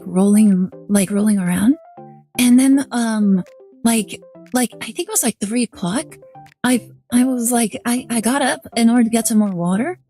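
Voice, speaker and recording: High-voiced woman rambling through a story. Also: a little mellow. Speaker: VTuber streamer. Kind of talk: casual stream chat.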